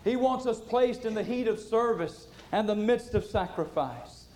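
Preacher guy, warm higher voice, goes from loud to hushed, really fired up. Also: expressive, normal speed, slight background noise. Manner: impassioned, swinging from loud to hushed. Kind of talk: sermon.

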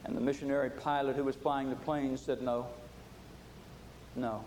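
A man preaching a sermon with passion, swinging from loud to hushed. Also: medium pitch, flat delivery, quick pace, a little hiss or hum.

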